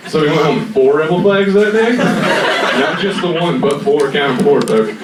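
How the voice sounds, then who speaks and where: A man's voice: on the high side, expressive, a little fast, a loud crowd. A man in his twenties from North Carolina doing stand-up comedy, with a rambling, filler-heavy, profane delivery. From North Carolina, USA. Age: 20s. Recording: echoey room from far off, noisy.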